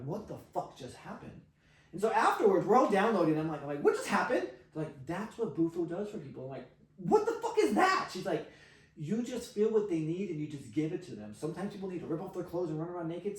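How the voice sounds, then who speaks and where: A man, a podcast guest, telling an animated story, acting out quotes with frequent laughs and fillers. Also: fairly high pitch, fast talker. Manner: excitable, acts out quotes, laughs often, filler-heavy. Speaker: podcast guest, sexual healer. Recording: roomy, distant from mic.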